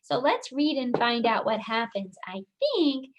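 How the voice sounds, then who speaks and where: A high-voiced woman teaching young children, who reads a picture book aloud at an unhurried pace. Her voice swoops much higher on the dramatic lines. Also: highs cut off, background noise. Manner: slow and expressive, with big high leaps on dramatic lines. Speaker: preschool teacher.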